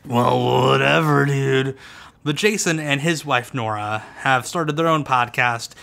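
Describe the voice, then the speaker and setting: A man's voice: medium pitch, a little slow, gravelly, sharp tone. Man, podcast co-host, casual chat, swears a lot, jokey fake anger. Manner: profane mock-angry ranting.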